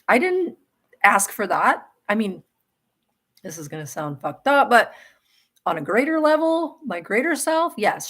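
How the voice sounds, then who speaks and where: A woman's voice: mid-range voice, fairly bright tone. A middle-aged woman hosting a live spiritual question-and-answer talk, earnest and emphatic, often restarting her sentences. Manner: earnest and emphatic, with laughs and self-corrections. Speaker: spiritual livestream host.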